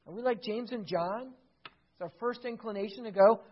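A pastor preaching a sermon, dramatic, swinging between hushed passages and loud, emphatic ones. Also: mid-range voice, normal speed, slightly rough. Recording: slightly dull lo-fi recording.

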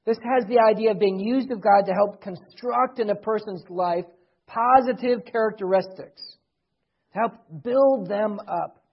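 A middle-aged man preaching a sermon as pastor, earnestly, swelling loud and then dropping soft. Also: high voice, a little slow, breathy edge. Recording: dull lo-fi recording.

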